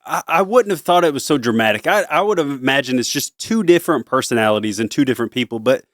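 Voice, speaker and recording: A man's voice: medium pitch, lively intonation, fairly bright tone, no echo, clean studio sound. A man co-hosting a podcast, joining a casual Bible discussion with a playful, joking manner. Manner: playful, joking, quick to laugh.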